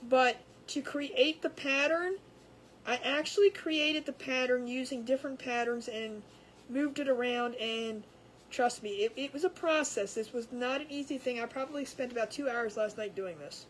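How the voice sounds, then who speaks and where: A woman's voice: high voice, normal speed, slight background noise, poor audio. A woman hosting a home craft livestream, chatting casually with viewers, rambling and laughing often. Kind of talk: casual chat with live viewers.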